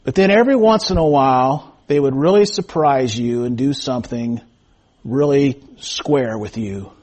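A middle-aged male pastor preaching a sermon, reading scripture and praying slowly, then telling stories folksily with many fillers. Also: medium pitch, darkish tone. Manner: slow, measured scripture reading and prayer; folksy storytelling with frequent fillers. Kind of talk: sermon with prayer and personal storytelling. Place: church sanctuary.

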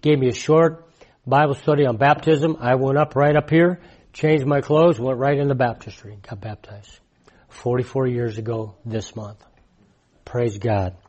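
A man in his sixties preaching in a conversational, emphatic way, repeating his key points and swinging from loud to hushed. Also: medium pitch, fairly even intonation, moderate pace, highs cut off. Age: 60s. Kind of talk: conversational sermon testimony.

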